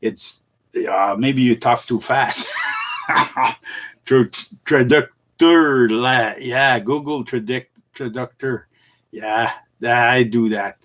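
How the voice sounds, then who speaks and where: A middle-aged man hosting a casual livestream, rambling and chuckling between halting restarts as he greets his viewers. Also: mid-range voice, fairly bright tone. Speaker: live streamer.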